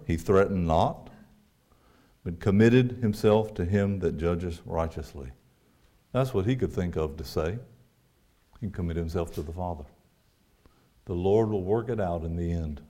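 Low, mellow-voiced male preacher. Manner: earnest preaching, rhetorical questions, quoting scripture. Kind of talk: sermon.

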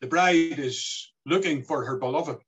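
A man's voice: fairly high pitch, unhurried, slightly rough, poor audio. A man preaching a sermon in an earnest way, his voice rising and falling as he quotes scripture.

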